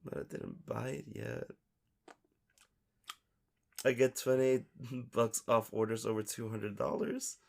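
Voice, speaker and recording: A man's voice: lowish voice, very animated, slow, gravelly, long pauses, darkish tone. A man co-hosting a casual podcast, chatting, laughing often, swearing casually and reading a story aloud. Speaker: podcast co-host.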